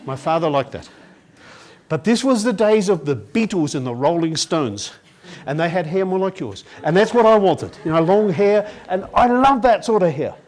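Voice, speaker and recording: High-voiced man telling stories. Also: sing-song, normal speed, a little mellow. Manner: storytelling, acting out family dialogue. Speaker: education presenter. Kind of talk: educational talk to an audience. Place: conference hall.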